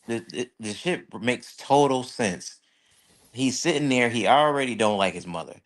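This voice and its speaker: A man's voice: on the low side, normal speed. Blunt man breaking down a plot. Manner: lays out long reasoning, blunt and matter-of-fact. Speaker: reaction show co-host. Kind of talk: casual analytical chat.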